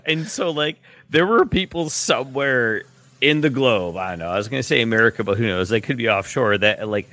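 A man in a casual sports chat, animated and sarcastic, telling stories with plenty of swearing. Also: mid-range voice, a little fast, no room sound. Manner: animated, profane, sarcastic storyteller.

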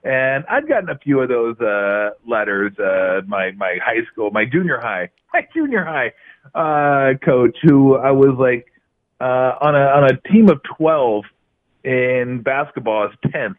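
A middle-aged man trades laugh-filled stories as a guest on a talk show. His voice sits at an ordinary pitch. It comes through a narrow, tinny phone-style line, as if he is calling in remotely. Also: unhurried. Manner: animated, laughing anecdotes. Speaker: guest, former basketball player. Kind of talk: casual storytelling interview.

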